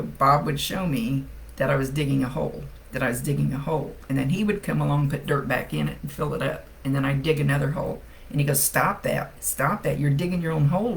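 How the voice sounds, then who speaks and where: A woman psychic medium gives a casual live-streamed reading, chatty and blunt, and swears without a second thought. Her voice has a gravelly, fried edge, and it sits over a faint background hiss. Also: deep voice, poor audio. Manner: chatty, thinks aloud.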